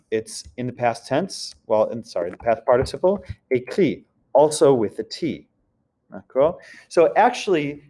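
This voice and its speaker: A man's voice: medium pitch, a little mellow. A man teaching a recorded French grammar lesson, explaining step by step and checking in with his students often.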